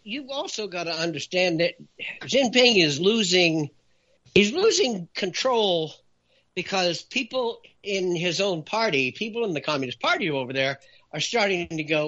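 A man holds forth as a talk-show guest, pushing his voice up whenever he wants a point to land. His pitch swings widely and his tone is bright and cutting. The audio sounds muffled and lo-fi. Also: moderate pace. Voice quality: raises voice for emphasis. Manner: animated, lists points in a punchy countdown. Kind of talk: emphatic talk-show commentary.

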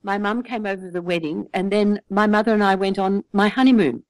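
A woman's voice: mid-range voice, fairly quick, no room sound, poor audio. An older Australian woman chatting casually, telling a long anecdote with frequent laughter. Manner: chatty, laughs often, animated storytelling.

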